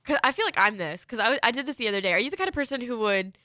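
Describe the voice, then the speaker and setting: A young woman hosts a casual podcast chat, telling a story with animated energy and frequent "like" fillers. Her voice is bright and clear, recorded dry and close to the mic. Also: fairly high pitch, very fast, no echo. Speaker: podcast host.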